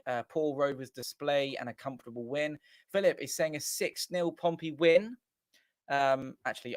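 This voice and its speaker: A man's voice: mid-range voice, no room sound. A man hosting a fan watchalong, giving casual live match commentary in a chatty, rambling way and often correcting himself. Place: small home studio.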